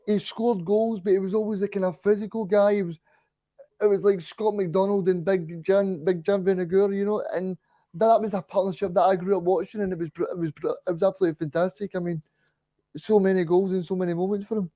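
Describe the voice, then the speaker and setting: A man's voice: sits high, steady tone, fairly quick, dark tone, dry recording. A man joining a podcast as a guest, chatting about football in a hesitant way with many fillers and restarts. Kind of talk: casual football chat.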